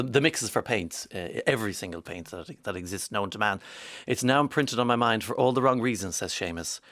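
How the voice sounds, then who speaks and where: A man's voice: mid-range voice, a bit bright, dry recording, clean studio sound. An Irish man in his forties hosting a radio show, chatting wryly and reading out listener texts. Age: 40s. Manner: chatty and wry, with quick asides. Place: radio studio.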